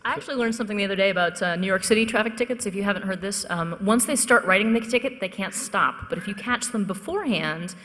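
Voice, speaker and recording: A woman at a conference panel, sharing a tip in a quick, chatty way. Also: mid-range voice, a bit bright. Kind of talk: live conference panel talk. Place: conference hall. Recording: echoey hall.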